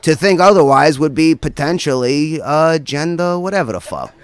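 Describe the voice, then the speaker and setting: A man's voice: a little high, expressive, normal speed, clean tone. A man performing a stand-up routine as a guest comedian, rambling through a profane story and tossing in constant "right?" asides.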